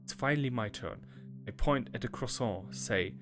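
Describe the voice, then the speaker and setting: A man's voice: mid-range voice, moderate pace. Man reading a game aloud. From Germany. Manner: laughs often, bursts into loud playful reactions between calm read-outs. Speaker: gaming channel host. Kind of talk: let's play, reading game text aloud with joking asides. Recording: game music clearly behind the voice.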